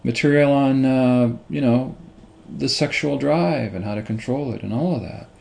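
A middle-aged man teaching from the Bible, halting and repeating himself, stressing points with rhetorical questions. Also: medium pitch, gravelly, a little mellow, slight background noise. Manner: halting, repeats words and restarts. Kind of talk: slow unscripted Bible teaching.

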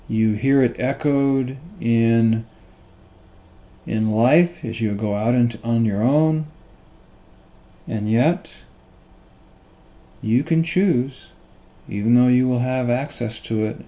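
A middle-aged man works through a Bible passage slowly, often stumbling over repeated words before pressing his point. His voice is dark and gravelly, with a rough fry under it. He asks rhetorical questions to drive home each lesson. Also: medium pitch. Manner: halting, repeats words and restarts. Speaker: Bible teacher. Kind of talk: slow unscripted Bible teaching.

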